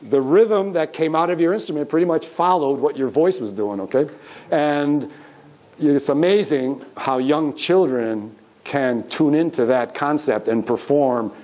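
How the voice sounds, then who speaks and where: A man's voice: a little high, a little slow, a little mellow, rough recording. A middle-aged man leading a music workshop, teaching with call-and-response singing in a conference room. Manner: upbeat, leads the room in sung call-and-response. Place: conference room with live audience. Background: guitar strummed by the speaker.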